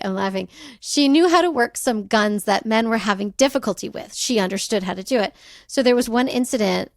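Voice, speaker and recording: A woman co-hosts a podcast, walking through a life story in a loose, chatty way. She drifts into slangy, joking side remarks. Her voice has a gravelly, fried edge, and it sits in a dry, close room. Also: medium pitch, no room sound. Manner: chatty, laughing asides, slangy. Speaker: podcast co-host. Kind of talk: casual storytelling chat.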